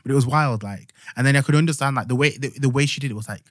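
Racing along in a medium-pitched voice, a young man from Yorkshire co-hosts a podcast, recorded cleanly in the studio without room sound. His casual retelling of stories rambles, packed with fillers and restarts.

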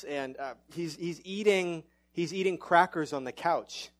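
A middle-aged pastor delivers a sermon in an animated, self-mocking way, his rather high voice rising whenever he gets excited. He keeps a measured pace with few pauses.

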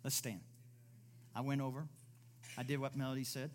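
A man's voice: medium pitch, flat delivery, normal speed, slight background noise. A man preaching a sermon in a church service, emphatic, firing off rhetorical questions and acting out the voices he quotes.

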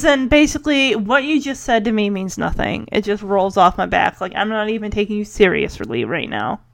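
A woman's voice: mid-range voice, lively intonation, gravelly. A woman casually recapping a TV episode, chatty and enthusiastic, often saying "like" and briefly acting out the characters' lines. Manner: chatty, enthusiastic, heavy use of "like"; acts out characters' lines in quick asides.

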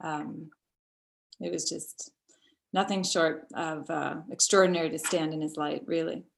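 A middle-aged woman recounting a personal story as an interview guest, halting and tender with many pauses and restarts. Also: deep voice, steady tone, vocal fry, a little hiss or hum.

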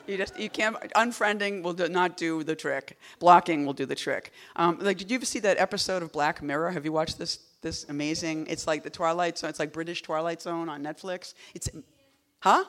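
Woman poet, casual talk at a reading, rambling and digressive, wry deadpan asides. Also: lowish voice, a little fast. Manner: rambling and digressive, full of "like" and "you know".

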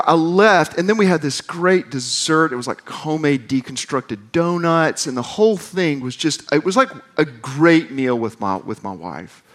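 A man's voice: mid-range voice, fairly bright tone. A man in his forties from the American South, a campus minister preaching a conversational sermon with self-deprecating humor. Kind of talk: sermon with storytelling.

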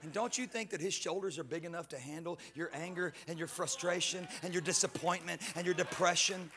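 A male guest pastor preaching a sermon in church, animated and joking, with casual slang. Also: a little high, a little fast. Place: church sanctuary.

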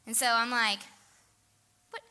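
A woman's voice: medium pitch, moderate pace, pushed and bright. A woman telling a self-deprecating story in a casual sermon, saying "like" often. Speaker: teacher and speaker.

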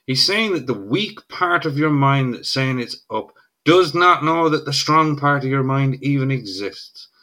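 A middle-aged man with an Irish accent talks as a podcast guest, his voice bright and forceful. He lays out his argument emphatically and keeps checking in with "right?". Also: mid-range voice, animated, measured pace, hardly any pauses. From Ireland. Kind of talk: casual podcast conversation.

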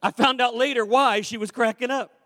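High-voiced preacher man in a reverberant church. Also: a little fast. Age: 50s. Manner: animated, swings between loud calls and quiet asides. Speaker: pastor. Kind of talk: sermon with storytelling. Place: church sanctuary. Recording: long reverb of a church hall.

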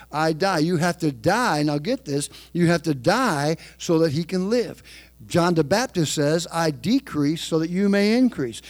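A man preaching a sermon, calling for amens from the congregation and dropping into quiet asides. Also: sits high. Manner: preaching with call-and-response, switches between quiet asides and raised emphasis. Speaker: pastor.

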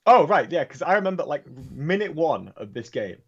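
A man co-hosting a podcast, chatting quickly and agreeably and calling people "mate". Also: fairly high pitch, big pitch swings, a bit bright, slightly rough, muffled recording. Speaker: podcast co-host. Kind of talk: casual chat.

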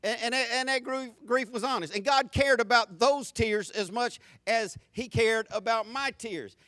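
A middle-aged man preaching a sermon, telling stories with loud animated asides and soft, low reflective stretches. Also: unhurried, dry recording, studio quality. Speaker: pastor.

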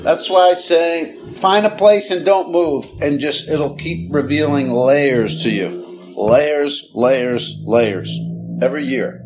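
A man with a slightly raised pitch rambles through a casual podcast monologue. He drifts from story to story in a chatty, self-deprecating way. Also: a little mellow. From lives in Los Angeles. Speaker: podcast host.

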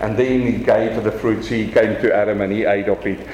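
A man with a South African accent preaching a lively sermon from the pulpit. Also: on the low side, brisk, reverberant, a little hiss or hum, poor audio. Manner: animated preaching, swings from quiet to raised. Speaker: pastor.

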